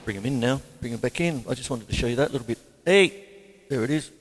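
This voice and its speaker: A man's voice: medium pitch, quick pace, over loud music. A man hosting a casual drum lesson, who talks in a rambling, chatty, self-deprecating way. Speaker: drum teacher and show host. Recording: long hall reverb, faint drums.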